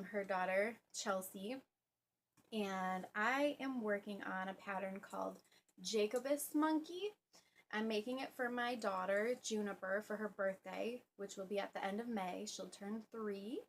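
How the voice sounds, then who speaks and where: Young woman rambling about her knitting at home, lots of ums, mid pitch, bit of faint noise. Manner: chatty, with fillers and soft laughs. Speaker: knitting podcast host. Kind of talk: casual show-and-tell vlog.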